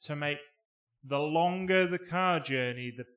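A man in casual podcast chat, animated, breaking into snatches of song and beeping sound effects. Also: fairly high pitch, unhurried, dull audio. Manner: animated, bursts into sung lines and sound effects. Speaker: podcast co-host.

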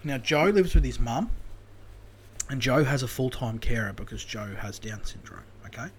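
A man with an Australian accent, telling casual stories as a podcast co-host, animated and swearing freely. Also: medium pitch, moderate pace, slightly rough. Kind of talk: casual storytelling chat.

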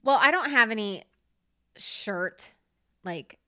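A woman's voice: on the high side, expressive, slow pace, sharp tone, dry recording. Giggly rambling woman podcaster, dry sound. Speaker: podcast co-host. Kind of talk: casual chat.

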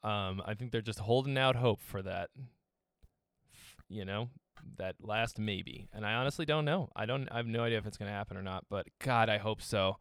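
A man's voice: fairly low pitch, moderate pace, a bit bright, no echo, clean studio sound. A man from Massachusetts in profane, joking casual chat. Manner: profane, joking, mimics people.

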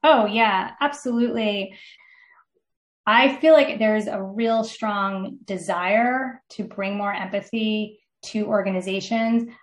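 A woman's voice: medium pitch, slow, echoey room. A middle-aged woman, a podcast guest, telling a personal story earnestly with many fillers. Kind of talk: storytelling in an interview.

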